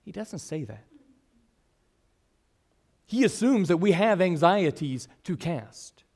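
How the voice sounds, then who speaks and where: A middle-aged man preaching a sermon to his congregation, earnest, swinging between full emphasis and soft, quiet asides. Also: high-pitched, lively intonation, slow pace. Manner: earnest, varies loudness widely, drops to soft asides. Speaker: pastor.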